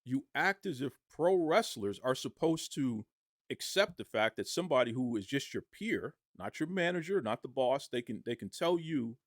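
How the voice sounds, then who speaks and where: A man's voice: mid-range voice, animated, normal speed, no room sound, studio quality. Fired-up man arguing his case. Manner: argumentative, rhetorical questions. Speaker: podcast commentator. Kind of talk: impassioned wrestling commentary.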